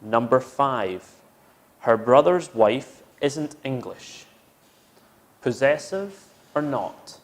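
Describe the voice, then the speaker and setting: Male English teacher, unhurried, patiently repeats examples for learners. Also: mid-range voice, expressive. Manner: explains step by step, repeats each example sentence. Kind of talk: slow, patient grammar lesson.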